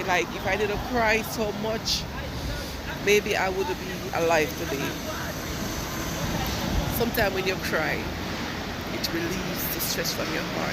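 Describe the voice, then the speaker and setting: A high-voiced man with a Jamaican accent speaks through tears in a tearful, heartfelt monologue. He records on a phone while riding a train, with loud vehicle noise behind him. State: crying. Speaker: immigrant sharing feelings. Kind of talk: emotional personal monologue.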